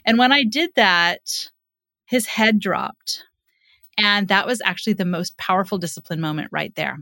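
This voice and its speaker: A woman's voice: medium pitch, moderate pace, pushed and bright, no echo, studio quality. A middle-aged woman, a psychotherapist, telling a parenting story in earnest, acting out what parent and child say. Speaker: psychotherapist and parenting author, podcast guest. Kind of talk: conversational storytelling, explaining.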